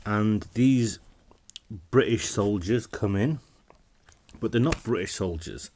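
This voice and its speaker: Low-voiced man reviewing films casually. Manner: relaxed and rambling, with frequent restarts. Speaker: film reviewer. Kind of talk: casual film review vlog.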